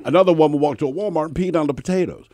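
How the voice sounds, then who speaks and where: A man's voice: on the high side, rapid-fire, dry recording. A male radio co-host in casual banter, joking and laughing as he talks. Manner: animated joking, laughs while talking.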